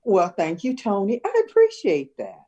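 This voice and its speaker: An older woman speaks in a mellow, soft-toned voice whose pitch rises and falls freely. She reminisces warmly and talks in an easy, teacherly way, laughing now and then as she chats with her son. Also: wildly swooping pitch, moderate pace, slightly rough, muffled recording. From Chicago area. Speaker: interviewee, mother of the host. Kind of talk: casual family interview.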